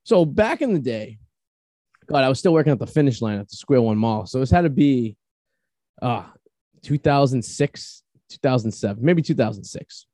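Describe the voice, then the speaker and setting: A man's voice: medium pitch, animated, moderate pace, mellow, dry recording. A man in his thirties hosting a podcast, telling rambling stories in casual chat and swearing freely. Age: 30s. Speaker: podcast host.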